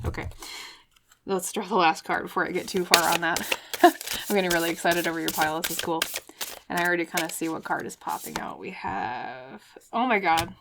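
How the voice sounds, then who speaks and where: Low-pitched female tarot reader, chatty and excitable, talking directly to her viewers. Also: noisy background. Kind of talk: pick-a-card tarot reading.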